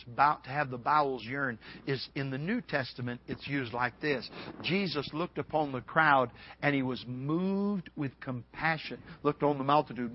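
A man preaching a revival sermon in a folksy, storytelling way, rising to loud peaks and dropping to a hush. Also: on the high side. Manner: swings from loud shouting peaks to hushed near-whisper. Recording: dull lo-fi recording.

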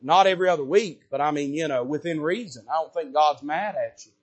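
A man preaching a sermon from a church pulpit, folksy and repetitive, building to shouts and then dropping low. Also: brisk, husky. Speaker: pastor. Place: church sanctuary.

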